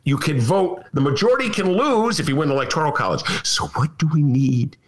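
An older man from Chicago hosts a political comedy talk show. His delivery is sarcastic and mocking, with a lively, swooping pitch. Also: a little fast. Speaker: podcast host.

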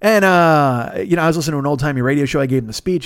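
A man with a deep, radio-ready voice rattles through a casual solo podcast monologue at a quick clip. He swears freely, rambles, and slips into other people's voices as he tells his stories. The sound is dry and close, with no room around it. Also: no echo. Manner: profane, rambling storyteller who acts out other people's voices. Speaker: podcast host.

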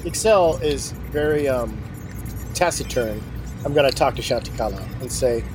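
A man's voice: mid-range voice, normal speed, over music. A man player talking plainly and matter-of-factly in a tabletop game. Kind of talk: casual game chat.

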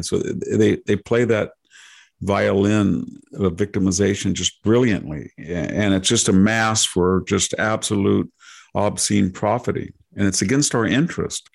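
Deep-ish raspy guy on a podcast, rambling stories, does little voices for quotes. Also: unhurried. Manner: digressive anecdotes with acted-out quotes. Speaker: guest. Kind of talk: casual interview storytelling.

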